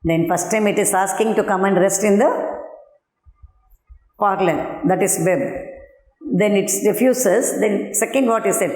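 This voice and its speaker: A woman's voice: medium pitch, darkish tone. Woman teacher in an echoey room. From India. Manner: explains slowly, quizzes pupils, repeats words. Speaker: school English teacher. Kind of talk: classroom poetry lesson.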